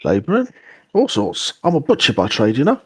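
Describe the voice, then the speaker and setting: Husky man with a lively voice playing. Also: medium pitch, a little fast. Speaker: player. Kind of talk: casual play and in-character talk.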